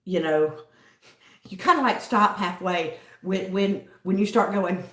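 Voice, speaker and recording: A woman's voice: mid-range voice, unhurried, fairly bright tone. A woman hosting a livestream from home, chatting casually and rambling as she answers viewers by name. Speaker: livestream host reading chat. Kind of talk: casual chat. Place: home in a city. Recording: roomy echo, distant from the mic.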